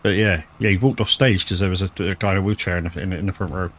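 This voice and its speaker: Rambling man, lowish voice. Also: fairly even intonation, fast. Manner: rambling, swears freely, lots of restarts and stammers. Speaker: live streamer. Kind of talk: casual gaming stream chat.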